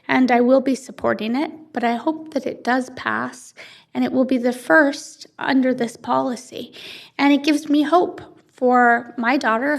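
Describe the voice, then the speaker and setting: Canadian woman, city councillor, high voice, gravelly edges, earnest. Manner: earnest, many fillers and restarts. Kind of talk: council meeting remarks.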